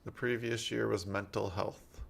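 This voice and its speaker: A tired man co-hosting a casual chat, reading out poll results in a sleepy-sounding, gravelly voice. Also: fairly low pitch, fairly even intonation, normal speed.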